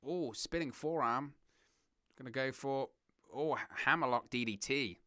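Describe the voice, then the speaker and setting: A young man from southern England with a southern English accent, hosting a wrestling watch-along with excitable play-by-play commentary. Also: mid-range voice, a little slow, no echo, studio quality. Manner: excitable play-by-play, giggles at puns, reads chat.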